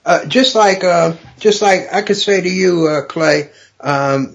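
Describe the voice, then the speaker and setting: Man comedian guest, slightly high voice, storyteller who cracks up at his own jokes. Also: slow pace. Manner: storytelling, builds jokes and laughs loudly at his own punchlines. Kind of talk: casual podcast chat with joke telling.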